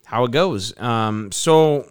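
A man's voice: medium pitch, lively intonation, slow pace, clean tone. A man hosting a casual sports podcast, rambling loosely with frequent restarts. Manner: rambling, restarts and laughs easily. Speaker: podcast host.

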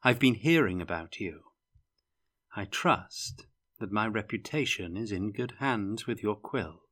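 A man's voice: on the low side, expressive, measured pace, fairly bright tone. Wry young-looking vampire woman, audiobook character, dry wit, read by a man. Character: young-seeming female vampire, dry and witty.

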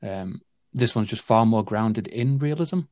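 A man's voice: fairly low pitch, a little slow, darkish tone, no room sound. A man in a casual film chat, rambling with lots of fillers and restarts.

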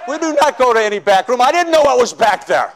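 A male preacher telling his conversion story in a sermon, swinging from loud shouts to hushed confession. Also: extremely high pitch, big pitch swings, fast talker, some chatter behind. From northern United States. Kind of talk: sermon testimony.

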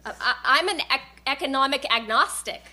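An actress playing a slow, stammering middle-aged sister in a live comedy sketch, delivered deadpan. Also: female voice, sits high, heavily acted.

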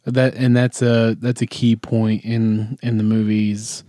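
A man's voice: on the low side, little pitch movement, takes it slowly, mellow, dry recording, studio quality. A young man casually recapping a movie with a friend, rambling with lots of fillers. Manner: rambling, many fillers and restarts.

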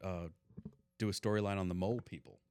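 A man's voice: low-pitched, steady tone, fast talker, a little mellow, smooth, dry recording, clean studio sound. A young man co-hosting a casual podcast chat, cracking crude sarcastic jokes. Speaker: podcast co-host.

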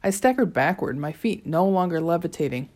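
A woman's voice: on the low side, animated, a little fast, a little mellow. A woman reading an audiobook chapter aloud, telling it in the first person with a dry, wry tone. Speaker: audiobook narrator. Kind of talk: scripted narration.

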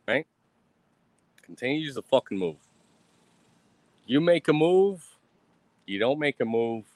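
A man's voice: mid-range voice, no echo. A young man, ranting on a livestream in a boastful, profane, swaggering way. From Texas. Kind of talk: casual rambling livestream rant. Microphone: streaming mic.

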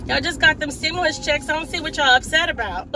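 A woman's voice: high-pitched, a little fast. A woman giving a casual opinion monologue while driving, sassy and scolding, with frequent laughs. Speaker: vlogger.

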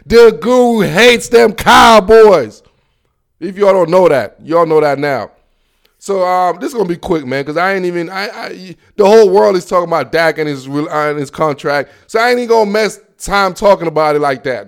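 Gravelly, high-pitched man ranting about sports. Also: brisk. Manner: animated, slangy, repeats phrases, pushes his opinions hard. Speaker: sports commentator. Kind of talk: casual sports talk monologue.

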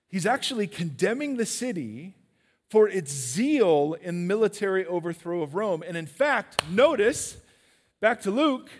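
A man preaching a sermon in a church, animated and questioning his listeners directly. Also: sits high, long reverb tail.

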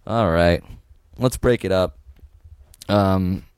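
A man's voice: low-pitched, takes it slowly, a little mellow, smooth, dry recording, clean studio sound. A young man co-hosting a casual comedy podcast, teasing his partner, laughing often and reading sponsor plugs. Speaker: podcast co-host.

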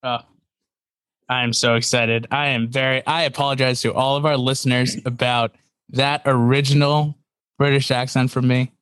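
A young man hosting a golf podcast among friends, with a mid-pitched voice and a running stream of self-mocking jokes. The voice is recorded dry, with no room sound. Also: flat delivery, moderate pace, a bit bright, clean tone, no echo. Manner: joking, self-mocking banter. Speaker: podcast host. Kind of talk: casual golf podcast chat.

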